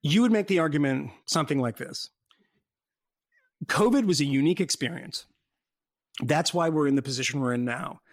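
A man's voice: on the high side, animated, normal speed, long pauses, dry recording, clean studio sound. A man in casual political chat, rambling and sardonic, often breaking into laughter.

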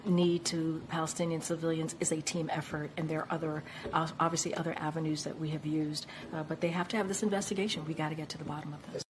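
A woman's voice: low-pitched, noisy background. A woman answering at a press briefing as a spokesperson, hesitant and evasive, with many fillers.

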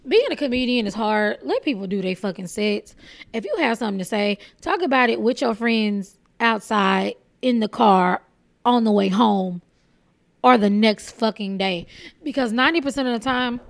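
A woman stand-up comedian from Texas, hosting her own podcast with a blunt, profane, animated comic rant. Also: on the high side, a little slow.

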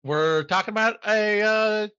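A man's voice: sits high, measured pace, bright, forceful tone, smooth, no echo. A man hosting a sports podcast, breaking down upcoming fights in a chatty, analytical way with some self-mocking humor. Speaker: podcast host. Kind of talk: casual sports podcast chat. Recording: dull, slightly lo-fi dry sound.

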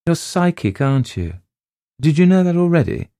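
A man voicing a brisk, practical middle-aged woman who runs a school, firm and matter-of-fact. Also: fairly high pitch, very animated, mellow, clear, resonant tone, no echo, studio quality, pitched above the performer's own voice. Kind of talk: storybook reading.

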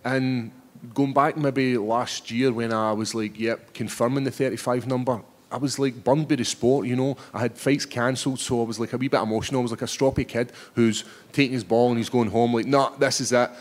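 A man's voice: mid-range voice, steady tone, fairly quick, a little mellow. Cheeky Scottish fighter in his thirties. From Scotland. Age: 30s. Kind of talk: post-fight press scrum.

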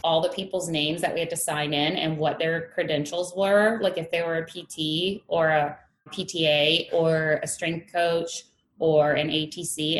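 Woman guest, 30s, lowish voice, candid storyteller, echoey room with faint hum; laughs easily. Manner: candid, laughs often, acts out her past thoughts. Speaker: strength coach, guest. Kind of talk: conversational interview storytelling.

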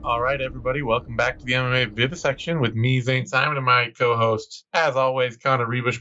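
A man's voice: medium pitch, fast talker, hardly any pauses, bright, forceful tone, highs cut off. A man co-hosting a sports podcast, talking casually and joking, laughing often. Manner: chatty, jokey, laughs often. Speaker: podcast co-host.

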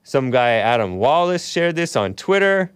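A man's voice: mid-range voice, big pitch swings, normal speed, smooth, no echo. Sarcastic male talk show host. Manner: sarcastic, mocking asides, laughs at own remarks. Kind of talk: solo commentary, reading news aloud with asides.

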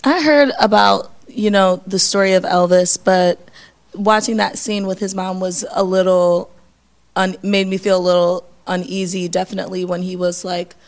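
Gravelly-voiced woman, hesitant. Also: lowish voice, fairly even intonation, moderate pace. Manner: hesitant, filler-heavy reflection.

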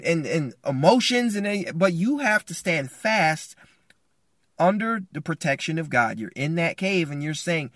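Bright-voiced, impassioned male preacher. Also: on the high side, very animated, measured pace, no echo, clean studio sound. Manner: impassioned, colloquial, pleading. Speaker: podcast host. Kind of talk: preaching-style advice talk.

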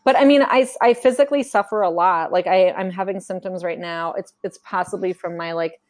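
A woman's voice: on the low side, brisk, darkish tone. A woman speaking frankly in a casual conversation, chatty, acting out quotes as she tells her story. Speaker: memoir author guest. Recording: podcast conversation.

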